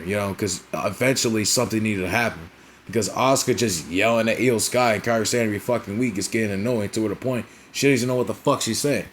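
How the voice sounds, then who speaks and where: A man's voice: on the low side, slight background noise. A young man casually recapping a wrestling show, rambling and profane, forever tagging on "right?" and "you know what I'm saying?".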